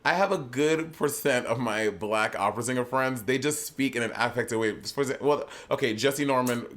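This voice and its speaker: A man in his thirties from Saint Lucia, co-hosting a podcast in lively, bantering casual chat and laughing often. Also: mid-range voice, moderate pace. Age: 30s. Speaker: podcast co-host.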